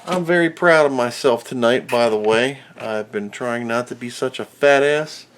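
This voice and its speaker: A man's voice: medium pitch, normal speed, a little hiss or hum. A man hosting his own electronics repair videos, talking casually and self-mockingly as he works at a repair bench. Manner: rambling, self-mocking, mutters while working. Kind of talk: casual workbench narration.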